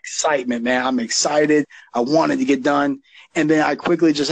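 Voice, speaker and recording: A man's voice: on the high side, steady tone, normal speed, creaky, no room sound, rough recording. A man who coaches youth football, talking casually and emphatically on a podcast, often repeating words as he gets going.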